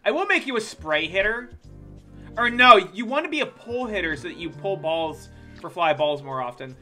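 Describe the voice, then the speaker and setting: Talking over gameplay, this streamer has a bright, sharp voice that swings widely in pitch, and keeps up jokey, profane, teasing asides to viewers. The delivery is animated at a moderate pace over faint background music.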